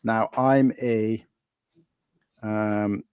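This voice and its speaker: A man's voice: on the low side, steady tone, extremely slow, darkish tone, smooth, no echo, studio quality. A man co-hosting a casual chat, talking in an enthusiastic, chatty way. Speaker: co-host.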